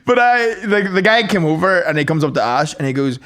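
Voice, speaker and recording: A man's voice: fairly high pitch, animated, brisk, a bit bright. A young man from Northern Ireland with a Northern Irish accent, co-hosting a podcast and telling rambling stories packed with "like". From Omagh, Northern Ireland. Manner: rambling storyteller with lots of "like". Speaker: podcast co-host. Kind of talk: casual chat.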